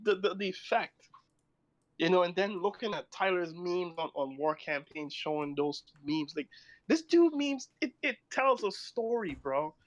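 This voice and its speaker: A man's voice: sits high, lively intonation, measured pace, lo-fi sound. A man in his thirties chatting casually, telling rambling stories and laughing often. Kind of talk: casual chat.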